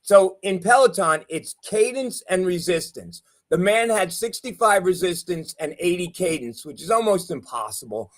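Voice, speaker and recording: A high-voiced man hosts a casual sports chat over a video call. He teases his co-hosts and jokes about himself in a chatty, loose way. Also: lively intonation, moderate pace, hardly any pauses. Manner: teasing, chatty, self-deprecating. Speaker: show host.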